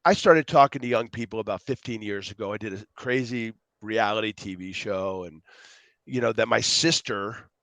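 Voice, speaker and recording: A man as a podcast guest telling stories in a rambling, animated way, acting out dialogue and jumping between tangents. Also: on the low side, normal speed, no echo. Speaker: podcast guest, youth speaker. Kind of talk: casual storytelling interview.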